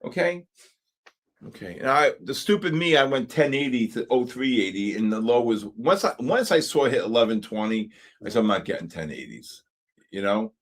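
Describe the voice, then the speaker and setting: A man hosting a live trading stream, talking excitedly through charts, exclaiming and repeating himself. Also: medium pitch, normal speed. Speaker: trading livestream host.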